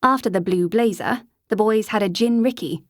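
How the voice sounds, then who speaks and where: A woman reading a novel aloud as an audiobook narrator, in an even storytelling manner on a close mic. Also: mid-range voice, normal speed, no echo. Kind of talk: scripted narration.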